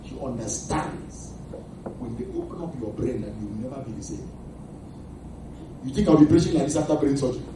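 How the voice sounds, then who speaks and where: A man's voice: medium pitch, expressive, brisk, long pauses, noisy background. A man preaching a sermon as pastor, emphatic and quizzing the congregation with questions. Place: church hall. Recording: echoey hall from far off.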